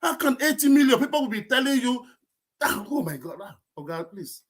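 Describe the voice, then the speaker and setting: Nigerian man, high-pitched, excitable, rambling, pidgin asides, online call. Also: brisk, breathy edge. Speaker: call-in participant. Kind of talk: casual online group discussion.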